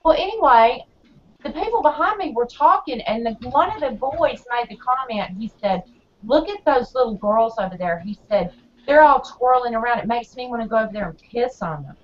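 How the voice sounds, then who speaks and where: A blunt woman in casual conversation, telling her stories with lots of animation and acting out each side of the quarrel. Her voice sits a little high. The audio is dull and lo-fi. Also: moderate pace, slight background noise. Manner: blunt, animated storyteller who acts out quarrels. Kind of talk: casual chat.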